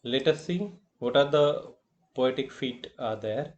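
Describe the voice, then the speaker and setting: A man with an Indian English accent lectures in an unhurried, measured way. His pitch sits in a middle range, and he circles back over each term with filler phrases as he explains. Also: expressive, a little mellow, muffled recording, a little hiss or hum. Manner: slow and deliberate, repeating terms with filler phrases. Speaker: college lecturer. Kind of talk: recorded classroom lecture.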